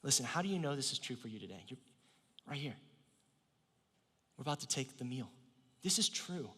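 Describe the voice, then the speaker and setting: A male pastor preaching a sermon in a church, swinging from loud emphasis to near whispers. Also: mid-range voice, sing-song, a little fast, breathy edge, long reverb tail. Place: church sanctuary.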